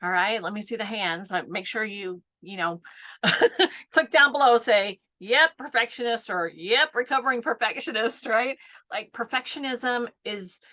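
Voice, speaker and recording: Unhurried and a little high, with a sharp tone, this woman in her fifties chats through a casual live coaching session as a business coach, frequently laughing and repeatedly asking "right?".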